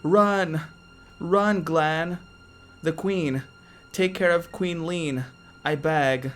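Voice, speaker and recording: A noble knight in a retro game pleads earnestly with his young comrade to run, voiced by a woman reading along. The pace is slow, and quiet game music plays in the background. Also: deep voice. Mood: urgent. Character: noble male knight, self-sacrificing mentor.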